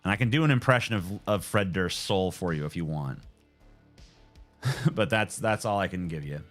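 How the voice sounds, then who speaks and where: A man's voice: sits low, normal speed, soft background music. A man in his twenties chatting casually on a live stream, joking and swearing as he answers viewers. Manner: joking, profane, laid-back.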